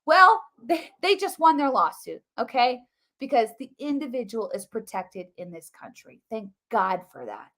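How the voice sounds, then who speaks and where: A woman hosting a live political commentary stream, talking quickly and emphatically. She repeats herself and fills her sentences with "like". Her voice sits a little high. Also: sing-song, fairly bright tone. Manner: rapid, repetitive, emphatic, with many "like" fillers.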